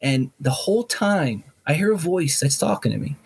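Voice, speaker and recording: A middle-aged man telling a candid personal story as an interview guest, blunt and profane, with animated, restless storytelling. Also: a little high, normal speed, vocal fry, breathy edge.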